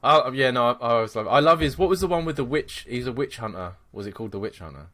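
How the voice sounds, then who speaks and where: Excitable man, podcast host, loose casual banter full of swearing. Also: mid-range voice, fast talker. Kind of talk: casual chat.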